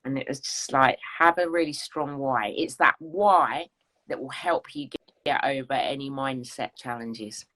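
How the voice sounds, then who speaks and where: A woman's voice: extremely low pitch, measured pace, pushed and bright. A woman, a fitness coach chatting casually in a rambling, self-deprecating way. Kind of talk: casual chat.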